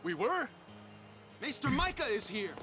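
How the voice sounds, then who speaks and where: A man's voice: very high voice, sing-song, measured pace, over music, full character voice. An actor playing a casual young male team player in a video game.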